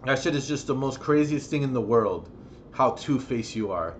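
In this ranting vlog monologue, a man with an expressive, mid-range voice swears heatedly and erupts in loud outbursts. He speaks at normal speed, with a little hiss or hum in the audio.

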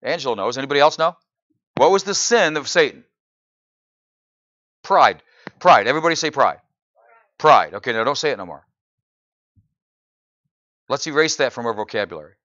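A pastor preaching a sermon in church, often asking the congregation "right?" and building to loud, incredulous exclamations. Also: male voice, medium pitch, fast, long pauses, no echo, dull audio. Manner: animated preaching, frequent "right?" asides to the congregation.

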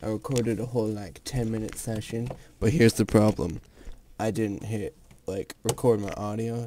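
A young man giving casual let's play commentary while gaming, excitable, swearing and gasping. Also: on the low side, normal speed, crowd noise. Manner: excitable, swears, gasps and sings jokingly. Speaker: gamer.

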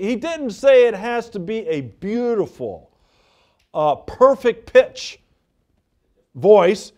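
High-voiced man preaching a fervent sermon. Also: big pitch swings, slow, long pauses, warm tone, dull audio. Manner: fervent, conversational preaching with emphatic repetition. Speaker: pastor.

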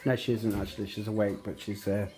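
A British man with a voice on the low side talks quickly in a level tone while vlogging casually at home on a handheld phone. His indoor daily chat rambles, full of fillers and restarts.

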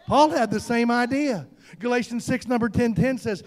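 A man preaching a fervent sermon, calling out to the congregation and often shouting. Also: very high voice, expressive, brisk. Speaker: pastor.

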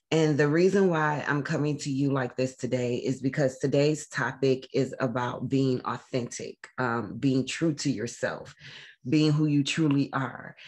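A woman hosting a faith-based talk to camera, speaking earnestly and haltingly, often pausing with "um" as she holds back tears. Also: extremely low pitch. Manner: earnest, emotional, halting with frequent ums. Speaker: show host.

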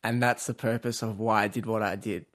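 A man's voice: fairly low pitch, steady tone, a little fast, a bit bright. A young man in his twenties with an Australian accent, telling his story candidly in an interview, with plenty of fillers. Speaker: footballer.

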